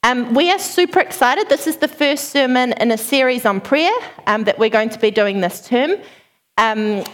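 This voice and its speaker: A woman in her thirties preaching with a bright, high voice. She tells her story in a chatty, animated way and laughs often. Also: moderate pace. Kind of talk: sermon opening with a personal story.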